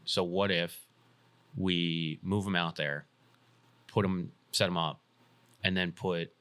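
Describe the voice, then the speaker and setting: A man co-hosting a casual podcast, talking bluntly and swearing freely as he thinks out loud. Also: low-pitched, steady tone, takes it slowly, smooth, dry recording. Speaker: podcast co-host.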